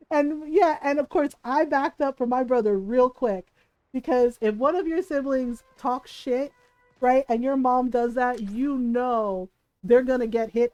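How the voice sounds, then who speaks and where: High-voiced woman streamer telling stories. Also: measured pace, no room sound, low-quality recording. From Filipino family. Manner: animated storyteller, swears freely, laughs often. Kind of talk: casual live-stream chat.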